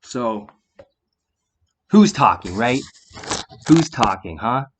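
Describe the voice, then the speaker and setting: Male vlogger, mid-pitched, confrontational and profane, talks straight to the viewer with rhetorical questions. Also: takes it slowly, slight background noise. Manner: drops into a quiet calm voice at times. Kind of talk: heated monologue to the viewer.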